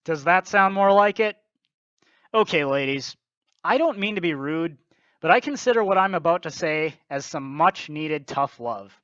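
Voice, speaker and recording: A man's voice: a little high, lively intonation, measured pace, a bit bright, no room sound, muffled recording. A man giving blunt, lecturing scripted commentary on a video.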